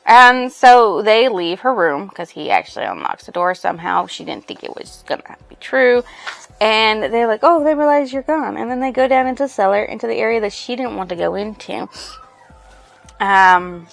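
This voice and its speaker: A woman's voice: mid-range voice, lively intonation, normal speed, vocal fry, soft background music. A woman casually summarizing a book's plot as a book reviewer, rambling loosely with lots of fillers. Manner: rambling, full of fillers and "she's like".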